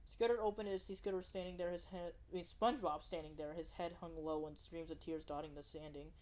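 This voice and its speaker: A woman with a slightly low voice reads a fan story aloud. She trips over the names, corrects herself and sounds amused by the text, keeping a casual tone. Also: steady tone, fast talker, darkish tone. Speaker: reader. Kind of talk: reading fan fiction aloud.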